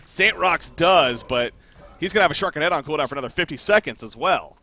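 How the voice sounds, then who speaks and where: A young man casting a live esports match, calling play-by-play in quick, easy, chatty commentary. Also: on the high side. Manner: quick play-by-play that builds to excited calls during fights.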